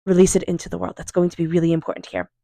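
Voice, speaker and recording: A woman doing a tarot reading, speaking in a calm, unhurried, affirming way and softly repeating invocations. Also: fairly low pitch, creaky, no echo. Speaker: tarot reader. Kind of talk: tarot card reading monologue.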